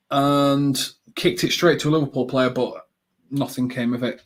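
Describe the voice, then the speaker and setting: In a mid-range voice, a man keeps up a casual, rambling chat with viewers while hosting a live football watchalong. He leans on ums and erupts in short, excited bursts as the action unfolds.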